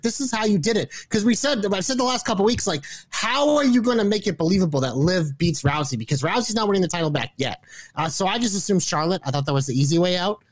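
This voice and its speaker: A man in a heated podcast chat, rattling off fast, profanity-laden rants. His voice is dry and close to the mic, with no room sound. He argues and pushes back at every turn. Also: sits high, dry recording. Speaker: wrestling podcast co-host.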